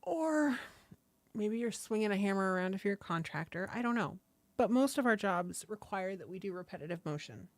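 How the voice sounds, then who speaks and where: A woman's voice: medium pitch, expressive, a little fast, no room sound. A woman hosting a casual livestream, talking viewers through stretches, swearing casually and greeting people from the chat, seated at a table with a desk microphone. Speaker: livestream host. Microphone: desk microphone close by.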